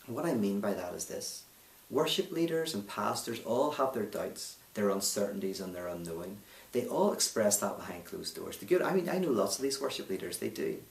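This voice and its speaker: A man's voice: on the low side, very animated, fairly quick, creaky. A Northern Irish man being interviewed, telling a story and making a challenging, emphatic case. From Northern Ireland. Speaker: speaker and author, interview guest. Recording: roomy, distant mic.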